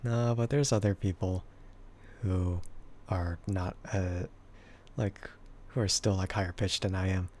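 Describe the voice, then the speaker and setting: A man with a husky, bassy voice chatting casually with stream viewers and laughing often between remarks. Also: fairly even intonation, a little slow, long pauses, a little mellow, slight background noise. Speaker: VTuber streamer.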